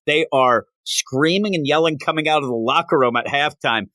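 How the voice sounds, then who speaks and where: A man's voice: on the high side, moderate pace, pushed and bright, dry recording. A man hosting a casual comic book review, retelling the plot animatedly and laughing often.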